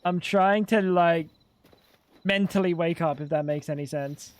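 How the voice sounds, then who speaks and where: A man's voice: a little high, a little slow, a little hiss or hum. A young man streaming a game at home on a desk microphone, rambling and joking to his chat with plenty of swearing. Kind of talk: casual gaming stream commentary.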